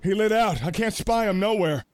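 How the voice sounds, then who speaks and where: An actor playing a blunt, folksy frontier gunslinger in radio drama style. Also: male voice, high-pitched, lively intonation, normal speed, darkish tone, slight background noise.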